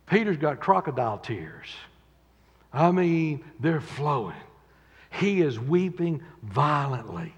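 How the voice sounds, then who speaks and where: A man preaching a sermon in a church, dramatically acting out quotes and swinging between loud and quiet. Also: fairly high pitch, big pitch swings, takes it slowly, slightly rough. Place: church sanctuary. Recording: dull echoey church recording with long reverb.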